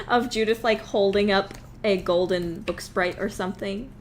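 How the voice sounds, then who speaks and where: A woman rambles on a live stream as she works, often breaking into giggles between her thoughts. Her voice sits at an ordinary middle pitch. Faint keyboard typing and a soft hiss can be heard behind her. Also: measured pace. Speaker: game developer streaming live. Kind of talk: casual live-stream chat.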